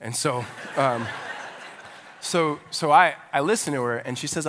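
Male pastor, thirties, slightly high voice, conversational storytelling sermon, reverberant large hall. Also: unhurried, long pauses, a bit bright. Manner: conversational storyteller, filler-heavy, with rising preaching fervor.

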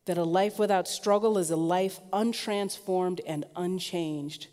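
Woman preaching in a reverberant hall. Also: unhurried. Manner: lively storytelling, rising in pitch and force when emphatic. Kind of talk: sermon.

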